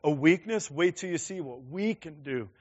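A man's voice: fairly high pitch, expressive, normal speed. God as a reassuring companion, urging someone on in a plain, encouraging voice , as a preacher speaks his part. The recording sounds slightly dull and lo-fi.

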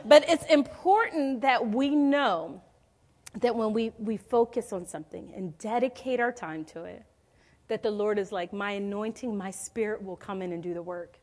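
A woman's voice: mid-range voice, normal speed, a little mellow. A woman in her forties preaching a sermon in a conversational, storytelling way, calling out questions to the congregation. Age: 40s.

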